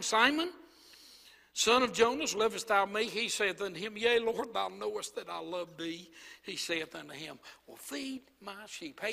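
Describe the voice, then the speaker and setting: High, squeaky-voiced preacher. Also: male voice, vocal fry. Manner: swings from quiet storytelling to shouted preaching. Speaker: pastor. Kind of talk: sermon. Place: church sanctuary. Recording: reverberant church hall.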